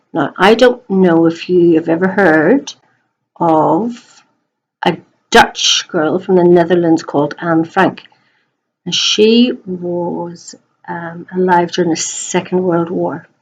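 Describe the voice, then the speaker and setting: Woman teacher, gentle chatty talk to kids, slow and unhurried, middle-aged, home recording. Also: lowish voice, low-quality recording. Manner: chatty, gentle, talks to young children. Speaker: primary school teacher. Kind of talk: recorded video message to pupils.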